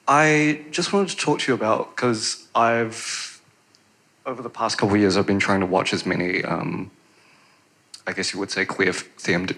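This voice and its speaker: A man from the audience asking a long question at a Q&A, halting and full of fillers. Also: low voice, bright, forceful tone, poor audio. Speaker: audience member.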